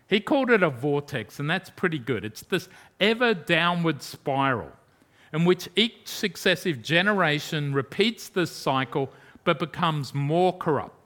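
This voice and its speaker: A preacher's sermon comes through in a man's somewhat high, bright and forceful voice. He hammers his points emphatically, tosses out rhetorical questions, and drops suddenly from loudness to a hush.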